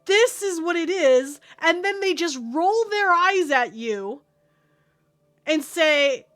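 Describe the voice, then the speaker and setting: A young woman streamer with a high, light voice vents in a casual stream chat. She talks in a heated, profane way, padding her sentences with fillers as she rants. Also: animated, slow pace, a bit bright.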